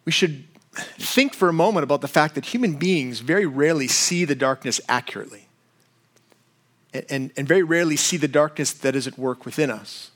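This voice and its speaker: A middle-aged male pastor gives a sermon, talking to his listeners as if in conversation. His voice sits a little high for a man. He throws in quick shifts of voice when he acts out a story. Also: lively intonation, fairly bright tone. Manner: conversational, retells a comedy sketch with quick voice shifts.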